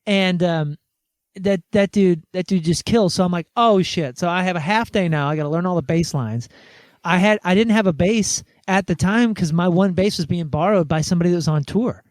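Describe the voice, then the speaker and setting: High-voiced man telling stories animatedly. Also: moderate pace, no room sound. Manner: animated, acts out quoted conversations. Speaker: podcast guest, musician. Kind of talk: casual storytelling interview.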